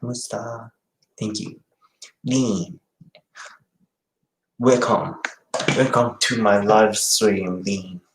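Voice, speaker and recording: A Japanese man speaking English with a Japanese accent, chatting on a live stream, reading viewer comments and slowly repeating words to teach how to say them. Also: on the low side, steady tone, roomy sound, a little hiss or hum, low-quality recording.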